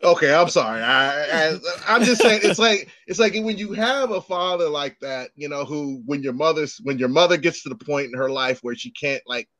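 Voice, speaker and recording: A man in his thirties co-hosting a casual chat, an animated storyteller who swears and acts out quotes. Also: fairly high pitch, moderate pace, hardly any pauses, dry recording.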